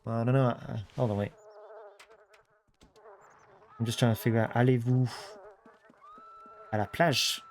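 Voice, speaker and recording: A man's voice: mid-range voice, fairly even intonation, a little slow, pauses often. Chatty man streaming from home. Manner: chatty, repeats phrases, self-correcting. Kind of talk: casual livestream chat. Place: home room at a computer.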